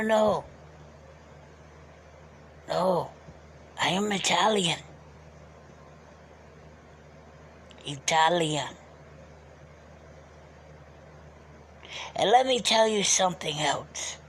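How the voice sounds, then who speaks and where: Man playing a cranky old Italian uncle, scratchy strained throat, scolding and bossy, slow talker, faint hiss behind. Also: sits high, fairly bright tone, voice pushed up, exaggerated voice. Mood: indignant. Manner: bossy, scolding, threatens and shoos people off. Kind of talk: live-stream character bit.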